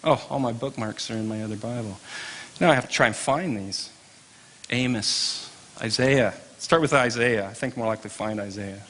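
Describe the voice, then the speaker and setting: Bright-voiced man teaching a Bible class. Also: mid-range voice, moderate pace. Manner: chatty, wry asides to the class.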